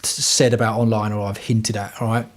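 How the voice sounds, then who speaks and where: A man's voice: fairly low pitch, level tone, fairly quick. A man hosting a casual livestream from home, talking bluntly and rambling with plenty of swearing. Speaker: livestream host.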